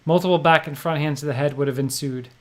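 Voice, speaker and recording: A man's voice: fairly high pitch, steady tone, quick pace. A middle-aged man with a New Jersey accent, co-hosting a livestream and reading viewer comments in a laid-back, joking way. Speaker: livestream co-host.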